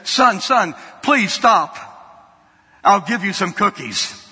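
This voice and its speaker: A man voicing a young mother who tells her son no in a patient, steady way, within a preacher's story. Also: high voice, slow pace, husky, heavily acted. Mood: pleading. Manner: calm pleading, then authoritative. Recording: long hall reverb.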